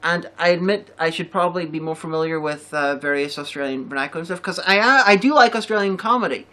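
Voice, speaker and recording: A woman's voice: fairly low pitch, fast talker, pushed and bright. A woman hosting a review show, chatting casually and enthusiastically, rambling and swearing freely. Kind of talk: casual chat.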